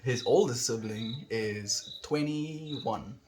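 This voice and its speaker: A man's voice: medium pitch, extremely slow, slight background noise. A young man streaming live, chatting casually with viewers, easygoing and affectionate, laughing often. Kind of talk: casual livestream chat reading viewer comments.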